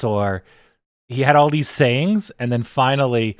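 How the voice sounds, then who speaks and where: A man hosting a casual livestream, talking in a relaxed, loose way and swearing freely into a desk microphone. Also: medium pitch, measured pace, no room sound, clean studio sound. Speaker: livestream host.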